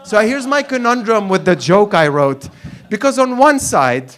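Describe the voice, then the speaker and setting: Animated man doing brash stand-up. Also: high-pitched, a little slow. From Arab world. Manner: brash, crude, rambling and animated. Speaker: stand-up comedian. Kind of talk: stand-up comedy set. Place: comedy club stage, audience laughter.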